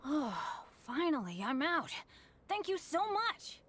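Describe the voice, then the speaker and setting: An eager, unlucky boy adventurer speaks brightly in a high, lively voice. He sounds earnest and apologetic. Faint ambience sits behind him. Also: slow pace, slight background noise, exaggerated voice. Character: cheerful, hapless young boy adventurer. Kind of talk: video game dialogue.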